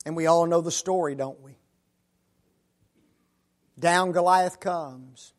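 A man preaching a sermon who asks rhetorical tag questions and swings between loud declarations and hushed asides. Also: a little high, takes it slowly, pauses often.

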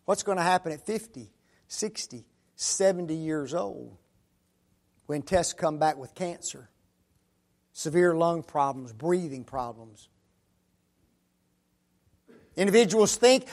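A man preaching a sermon who asks rhetorical tag questions and swings between loud declarations and hushed asides. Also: a little high, moderate pace, long pauses.

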